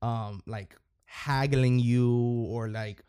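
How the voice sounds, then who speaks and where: A man's voice: mid-range voice, fairly even intonation, drawn-out words, dark tone, smooth, no room sound, clean studio sound. A man hosting a podcast, talking casually and rambling, with lots of fillers and restarts. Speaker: podcast host.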